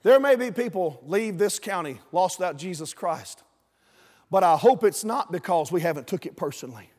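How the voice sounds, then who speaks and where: A man preaching a sermon as pastor, emphatic and pleading, building to shouts. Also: high-pitched, lively intonation, moderate pace. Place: church auditorium. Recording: long reverb of a church auditorium.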